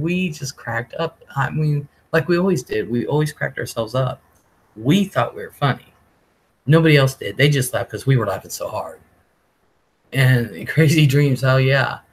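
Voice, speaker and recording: A man's voice: mid-range voice, moderate pace, slight background noise, poor audio. A man hosting a live stream, telling a rambling story casually, often laughing and swearing. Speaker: livestream host.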